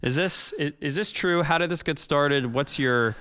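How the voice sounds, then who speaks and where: A man's voice: fairly high pitch, moderate pace, fairly bright tone, clean tone, no room sound, studio quality. A man hosting a podcast interview, earnest and encouraging as he asks his guest questions. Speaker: podcast host. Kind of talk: casual interview.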